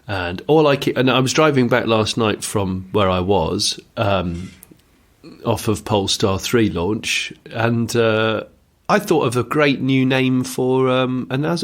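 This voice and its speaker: A British man co-hosting a car podcast, slightly gravelly today, rambling and jokey with frequent ums. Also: medium pitch, a little slow. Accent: British English. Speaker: podcast co-host, journalist. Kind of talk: casual chat.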